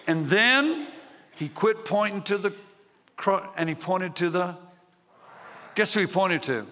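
A man preaching his testimony as an animated story to a live audience, swinging from shouting to hushed tones. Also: high voice, unhurried, a little hiss or hum. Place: large church hall with audience. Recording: reverberant hall sound.

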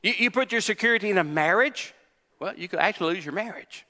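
An older male pastor preaches with a bright, ringing, forceful tone. His voice sits somewhat high for a man, and he drives his points home through repetition and questions to the room. Long reverb from the church hangs on every line. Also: expressive, fast talker. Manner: emphatic preacher, repeats phrases, asks the congregation questions. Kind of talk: sermon. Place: church sanctuary.

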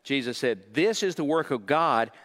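A man's voice: medium pitch, lively intonation, moderate pace, a bit bright. A man, a pastor, preaching a sermon and acting out the voices of the people he quotes.

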